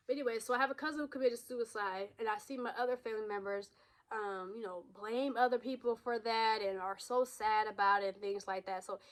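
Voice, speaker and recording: A woman's voice: a little high, a little fast. A woman in her thirties speaking candidly in a personal vlog, raw and emotional, blunt, with frequent swearing and restarts. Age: 30s. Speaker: vlogger.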